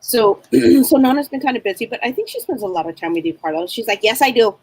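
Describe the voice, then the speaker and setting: Husky-voiced middle-aged woman, chatty psychic. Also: on the high side, expressive, quick pace, darkish tone, rough recording. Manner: rambling, chatty, acts out spirits' voices. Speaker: psychic reader. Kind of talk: live psychic reading chat.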